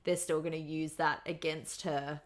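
A woman's voice: low-pitched, level tone, moderate pace. An Australian woman co-hosting a podcast, chatty and rambling with many fillers. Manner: chatty, rambling, lots of fillers, laughs easily. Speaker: podcast co-host. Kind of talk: casual chat.

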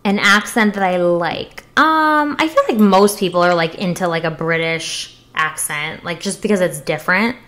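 A woman's voice: fairly low pitch, normal speed, hardly any pauses, fairly bright tone. A young woman co-hosting a casual chat show, talking frankly with lots of fillers and jokes. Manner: chatty, filler-heavy, frank and joking.

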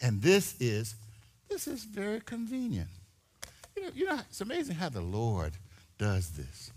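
A man preaching a sermon in a church, animated, building to shouts and repeating his words. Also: high-pitched, a little slow, slight background noise. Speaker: pastor.

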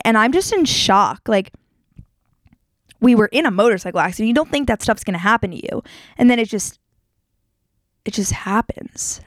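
A young woman hosting a show, telling a personal story in a casual, animated way and leaping up in pitch when she acts out what people said. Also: dry recording. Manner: animated, jumps to high pitch acting out quotes. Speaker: podcast host.

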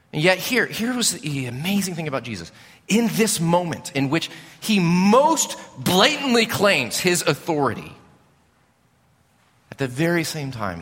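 A male preacher giving a sermon, telling the story with animated storytelling that swells and drops. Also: medium pitch, slightly rough. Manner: animated storytelling, rising and falling. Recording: long reverb of a large hall.

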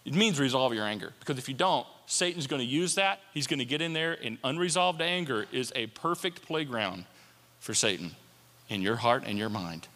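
A man preaching a sermon as a pastor, animated and playful, with jokes and asides. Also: medium pitch, moderate pace. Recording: long hall reverb.

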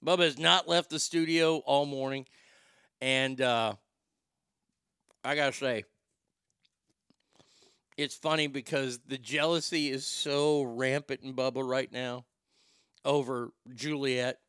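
A man's voice: mid-range voice, fairly even intonation, takes it slowly, long pauses, a bit bright, clean tone, dry recording. A man in his forties hosting a casual livestream from his home studio, rambling and joking with plenty of swearing. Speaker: livestream host.

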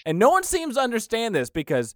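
A man's voice: very high-pitched, huge pitch swings, quick pace, dry recording, studio quality. A young man co-hosting a casual comedy podcast, ranting and mimicking people in exaggerated voices. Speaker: podcast co-host.

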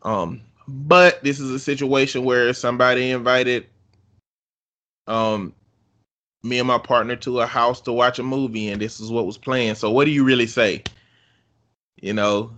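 A man's voice: mid-range voice, moderate pace, fairly bright tone. A man co-hosting a casual chat show, laid back and rambling with lots of fillers. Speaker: podcast co-host.

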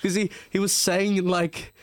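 A man's voice: sits high, flat delivery, measured pace, dry recording, studio quality. A man, a podcast guest telling a story in a rambling, profane, casual way. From Melbourne, Australia. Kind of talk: casual chat.

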